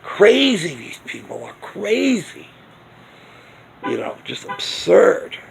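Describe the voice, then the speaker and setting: A man's voice: high voice, very animated, slow pace, vocal fry, crowd noise. A man ranting indignantly in a casual vlog, firing off rhetorical questions. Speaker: video blogger. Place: outdoors near a smoking area.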